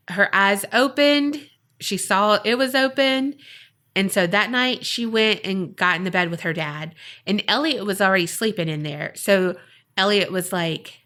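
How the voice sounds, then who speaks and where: A woman's voice: mid-range voice, unhurried, pushed and bright. Chatty woman telling a spooky story. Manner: chatty, dramatic, filler-heavy. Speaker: podcast co-host. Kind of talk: casual storytelling.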